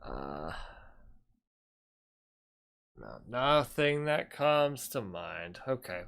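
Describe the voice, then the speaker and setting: A man's voice: mid-range voice, big pitch swings, very slow, gravelly, a bit bright, clean tone. A man hosting a reaction commentary, heckling a played speech sarcastically. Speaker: host.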